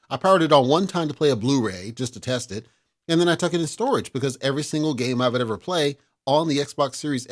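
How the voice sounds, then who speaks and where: A man hosting a casual talk show, giving blunt, exasperated opinions in a lecturing rant. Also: mid-range voice.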